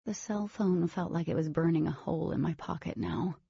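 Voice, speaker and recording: A woman's voice: low-pitched, lively intonation, a little fast, gravelly, warm tone, breathy edge, dry recording, lo-fi sound, heavily acted. A woman narrating a novel as a wary teenage girl, in scripted audiobook style.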